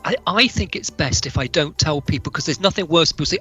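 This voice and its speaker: Bright, husky-voiced chatty man. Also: a little high, brisk, soft background music. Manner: enthusiastic, chatty storyteller. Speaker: guest author. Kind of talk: casual radio chat and poetry reading.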